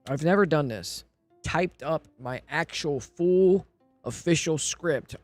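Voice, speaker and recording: A man's voice: on the high side, slow pace, no room sound, soft background music. A man streaming live, rambling and thinking aloud in casual talk, often repeating himself and asking if you know what he means.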